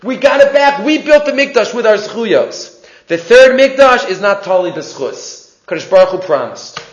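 A man's voice: sits high, big pitch swings, moderate pace, reverberant, muffled recording. A man teaching a class in a conversational lecturing way, asking rhetorical questions.

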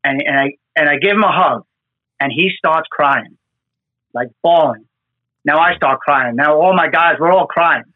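Over a tinny, phone-like line with a dry sound, a man on a New York fire department disaster response team shares stories from the field. His slightly high voice is unhurried, and he speaks earnestly and emotionally, repeating words often.

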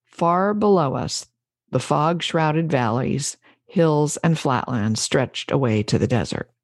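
Woman podcast host reading a story, measured pace, dry close sound. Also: low-pitched, darkish tone, no echo. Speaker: podcast host and business coach. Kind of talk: reading an essay aloud.

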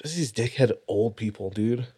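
A man's voice: on the low side, moderate pace, warm tone, breathy edge. A man co-hosting a podcast, telling stories in casual chat and laughing often. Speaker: podcast co-host.

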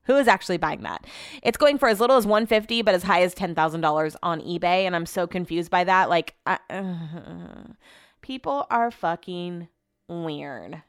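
A woman's voice: lowish voice, a bit bright, clean tone, no echo, clean studio sound. A woman hosting a podcast from her home office, chatting casually about news and her day, swearing now and then and tripping over her words. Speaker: podcast host. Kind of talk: casual news chat and personal update. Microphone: podcast microphone in home office.

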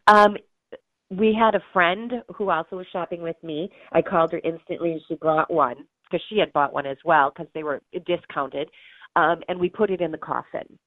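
In an interview, a middle-aged guest who is an author and bereaved mother shares an emotional story in a lowish voice with fairly even intonation and a moderate pace. She's earnest, acts out the voices she quotes, and laughs through tears; the recording is dry and tinny, like a phone.

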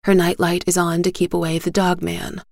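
A woman narrating a first-person story in a measured, gentle reading style. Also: on the low side, completely flat delivery, creaky, no room sound, clean studio sound.

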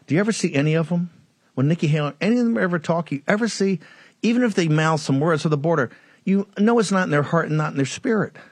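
A man's voice: on the high side, no room sound. Emphatic older man hosting talk show. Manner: emphatic, repetitive, rhetorical questions. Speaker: political talk show host. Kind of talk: fiery political commentary.

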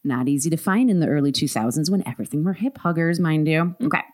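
A woman podcast co-host reading a listener's story aloud, animated and laughing often. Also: low voice, quick pace.

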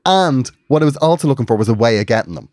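An Irish man co-hosting a podcast, telling a story in an animated, ranting way during casual chat. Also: mid-range voice, fast talker, no room sound, studio quality. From Ireland. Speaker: podcast co-host.

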